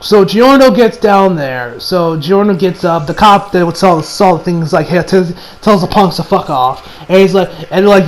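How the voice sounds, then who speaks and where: A man's voice: sits high, lively intonation, normal speed, rough recording. A young man giving a casual, rambling anime review, full of slang and frequent laughter.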